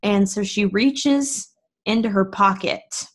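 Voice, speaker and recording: A woman's voice: mid-range voice, slow pace, slightly rough. A woman playing a tabletop game, narrating her character's actions in a playful way. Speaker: player. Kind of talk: tabletop role-play narration.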